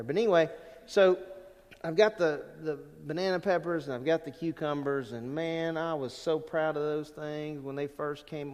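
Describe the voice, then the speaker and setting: An older male pastor with a fairly high voice delivers a folksy sermon, swinging from chatty asides up to emphatic, ringing peaks. His voice carries a long reverb, as if in a church hall.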